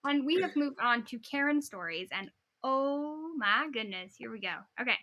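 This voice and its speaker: Co-hosting a chatty podcast, a young woman with a lilt reads posts aloud with animation, giggling partway through her sentences. Her voice is bright and slightly high, and she talks at a moderate pace.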